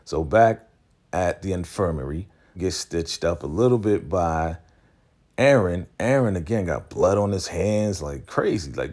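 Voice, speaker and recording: Man, very low voice, casual slangy episode recap, acts out the characters' lines. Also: animated, a little slow, a little mellow. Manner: slangy, chatty, laughs often. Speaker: TV recap host.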